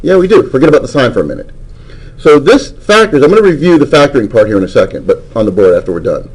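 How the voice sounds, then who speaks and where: A man's voice: medium pitch, very animated, fast, darkish tone, poor audio. A man teaching a math class, lecturing and coaxing answers from students with frequent questions.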